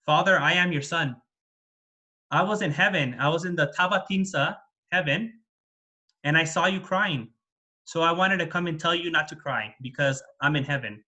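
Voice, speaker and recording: A man voicing a small boy in a told story, a son returned from heaven who pleads and then lectures his father calmly. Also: on the high side, normal speed. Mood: gentle.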